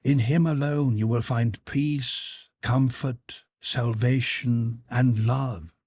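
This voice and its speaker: A man's voice: medium pitch, fairly even intonation, slow, darkish tone, husky, no echo, voice pushed up. A man voicing a pious, ecstatic older countess who consoles in a fervent, preaching manner. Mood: consoling. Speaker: character in audiobook.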